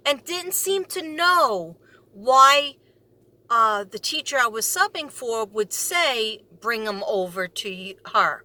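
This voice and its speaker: A woman with a New York accent, a substitute teacher telling a story in a sarcastic, animated way and acting out the people in it. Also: on the high side, takes it slowly, no room sound. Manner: animated, sarcastic, acts out quoted voices. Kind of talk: storytelling vlog.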